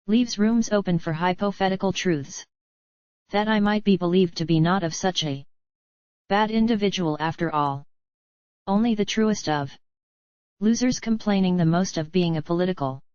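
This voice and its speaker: A woman's voice: on the low side, moderate pace, long pauses, a little mellow, no echo, close to an everyday voice. A woman reading a cynical brooding man. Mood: musing. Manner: musing, cynical. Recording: dull lo-fi dry recording.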